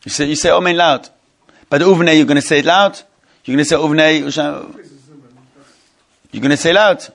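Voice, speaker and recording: Male rabbi, slightly higher voice, leading a text class: mumbled readings, slow halting explanations, questions to the room. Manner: reads Hebrew text in a quick mumble, then explains it slowly in English; restarts and repeats phrases, asks the class questions. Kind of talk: Torah study class, explaining a legal text.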